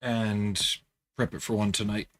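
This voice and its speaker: A man hosting a casual livestream, chatting in a relaxed way and answering viewer comments while he works at home. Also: fairly low pitch, unhurried. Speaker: livestream host building scale models.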